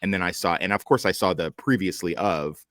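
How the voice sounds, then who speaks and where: A man's voice: deep voice, fairly quick, fairly bright tone, dry recording. A man hosting a casual group chat, joking, teasing and swearing freely. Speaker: podcast host.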